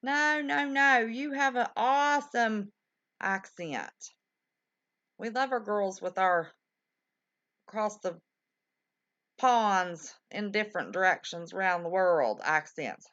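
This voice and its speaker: A woman's voice: mid-range voice, animated, slow pace, pauses often, a bit bright, no echo. A woman hosting a live-stream show, chatting in a folksy, affectionate way with callers and viewers. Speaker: livestream show host. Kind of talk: casual live-stream chat. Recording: dull lo-fi stream audio.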